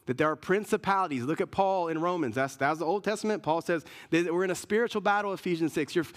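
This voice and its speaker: High-voiced pastor preaching emphatically. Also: male voice, quick pace. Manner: earnest, emphatic, with frequent repeats and restarts. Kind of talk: sermon.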